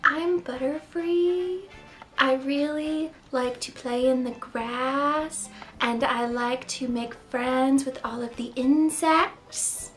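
Woman doing a soft dreamy butterfly voice. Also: sits high, fairly even intonation, slow pace, faint music behind. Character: dreamy gentle butterfly creature, friendly.

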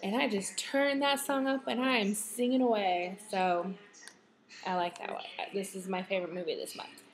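A woman in her thirties talks through her monthly favorites in a loose, rambling way, full of fillers like "like" and "you know". Her voice sits in a middle pitch. A faint hum of room noise sits behind her. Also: steady tone, normal speed. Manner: chatty, rambling, lots of "like". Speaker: vlogger. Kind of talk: casual monthly favorites vlog.

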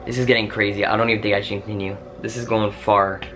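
A man's voice: lowish voice, little pitch movement, fast, noisy background. A young man vlogging to his viewers, panicky and exclaiming often. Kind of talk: casual scared vlog. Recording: music playing underneath.

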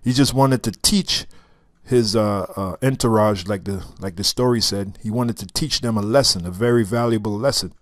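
A man reading a story aloud and breaking off for halting, chuckling commentary. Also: on the low side, no echo, studio quality. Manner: halting asides, restarts and chuckles between read passages. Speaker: reader and teacher.

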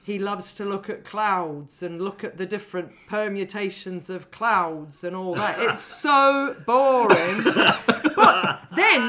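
Lively, bright-voiced woman film critic. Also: a little high. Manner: animated, laughs often while talking. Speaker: podcast co-host and film critic. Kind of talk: casual film review chat.

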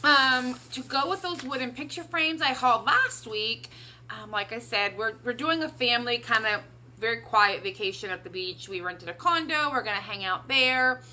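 A woman's voice: on the high side, lively intonation, normal speed, pushed and bright, slight background noise. A middle-aged woman with a Midwestern American accent chatting casually in a haul vlog, upbeat and rambling, talking around a cough drop. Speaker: vlogger.

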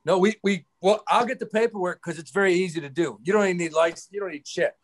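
A man co-hosting a podcast in casual chat, eager and quick to agree. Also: high-pitched. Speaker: podcast co-host.

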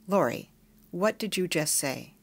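Eager affectionate mom on the phone, as a low gravelly woman reads her lines. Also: expressive, measured pace, exaggerated voice. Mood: coaxing. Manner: coaxing, affectionate. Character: warm, eager, anxious middle-aged mother on the phone.

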